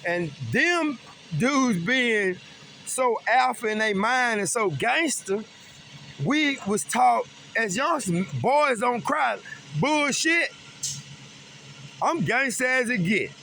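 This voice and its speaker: Middle-aged man, earnest and emphatic, high bright voice, faint vehicle noise behind. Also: animated, slow pace. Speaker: vlogger. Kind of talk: personal talk about grief.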